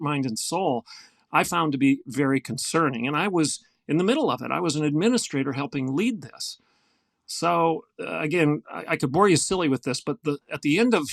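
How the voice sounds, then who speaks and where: Emphatic gravelly-voiced older man. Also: a little high, fairly bright tone, no room sound. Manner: earnest, emphatic storyteller. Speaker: guest, former university president. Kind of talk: podcast interview storytelling.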